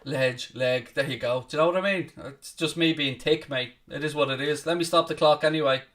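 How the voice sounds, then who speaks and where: A man hosting a live football watchalong, commentating casually, swearing a little, mocking himself, and shouting out loud at big chances. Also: a little high, fast, distant mic. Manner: self-deprecating, swears casually. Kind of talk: live match commentary and chat with viewers.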